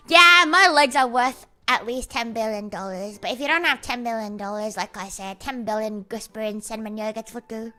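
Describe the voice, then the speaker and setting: A woman's voice: fairly high pitch, normal speed, bright, forceful tone. A young woman streamer in casual chat, playful and giggly, rambling through absurd jokes. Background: faint music.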